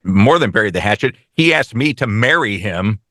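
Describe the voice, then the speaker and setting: Fairly low-voiced guy rattling off a story on a podcast, dry close sound, swears a bit. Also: animated, bright, forceful tone, no room sound. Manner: fast, profane storytelling with quoted dialogue. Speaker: podcast co-host. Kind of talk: casual chat.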